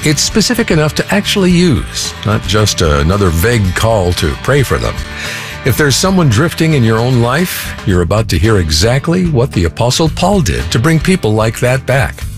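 A male announcer reading a scripted introduction in a smooth, upbeat manner. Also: mid-range voice, wildly swooping pitch, moderate pace. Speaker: radio program announcer. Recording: voice over guitar music.

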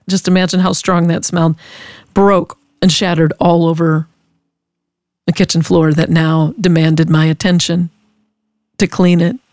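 Woman radio host, earnest devotional chat, low pitch, very dry mic. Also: no room sound. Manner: earnest, storytelling, emotional.

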